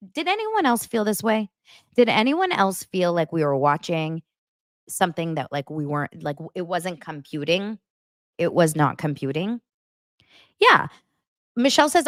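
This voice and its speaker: A gossipy young woman chats through a reality TV recap, her pitch jumping up and down as she gets worked up. She mimics people in mocking voices. The sound is close and dry, with no room around her. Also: normal speed, long pauses, no echo. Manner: gossipy and animated, acting out quotes in mocking voices. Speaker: podcast host. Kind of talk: casual pop-culture recap chat.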